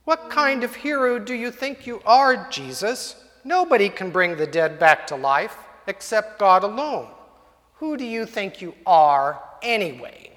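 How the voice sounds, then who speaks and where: A man's voice: high voice, big pitch swings, a little slow, a bit bright, exaggerated voice. A man voicing a crowd of scornful mourners who jeer and mock. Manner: mocking, questioning. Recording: long hall reverb.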